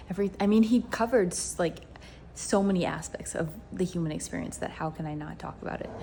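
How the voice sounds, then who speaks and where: A young woman vlogger chats casually and upbeat with her viewers from indoors at home, rambling as she goes. Her voice is fairly low and mellow, with a bit of hiss or hum in the recording.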